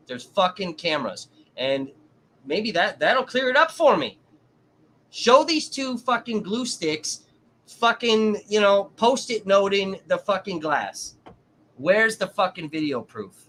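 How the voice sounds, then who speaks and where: A man's voice: high-pitched, animated, takes it slowly, fairly bright tone. A man hosting a live stream, reacting to court footage in an agitated, constantly swearing rant. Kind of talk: profane live-stream commentary.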